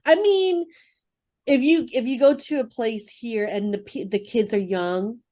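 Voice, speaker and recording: A woman co-hosting a podcast, blunt and quick to laugh, swearing freely. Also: on the high side, mellow. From New York. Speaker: podcast co-host. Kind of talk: casual chat.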